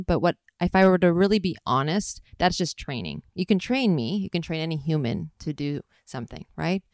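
A woman's voice: sits low, a little mellow, no echo, clean studio sound. Candid, rambling woman interviewer. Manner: open, rambling, self-reflective, laughs often.

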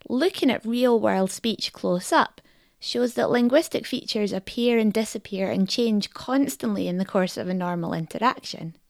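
A woman's voice: mid-range voice, no echo, clean studio sound. A woman hosting a podcast, giving scripted, explanatory narration. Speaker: podcast host.

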